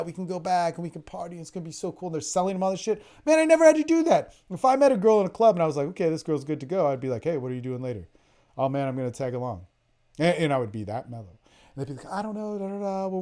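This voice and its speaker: A man hosting a podcast, telling stories in a casual, profane, animated way and quoting other people in quick bits as he goes. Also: fairly high pitch. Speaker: podcast host, dating coach. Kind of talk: casual storytelling on a group call.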